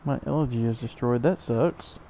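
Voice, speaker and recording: Sleepy game commentary guy, gravelly, rambles and pokes fun at himself. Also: medium pitch, moderate pace, warm tone, slight background noise. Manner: rambling, self-mocking asides. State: yawning, tired. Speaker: let's play host. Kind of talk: casual gameplay commentary.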